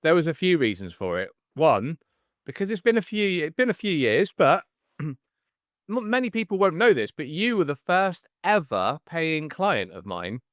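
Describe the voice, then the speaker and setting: A man in his forties hosting a casual podcast chat, telling stories in an animated way and acting out the people in them. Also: on the high side, normal speed, no room sound, clean studio sound. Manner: animated storyteller, acts out the voices in his stories. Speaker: podcast host and coach.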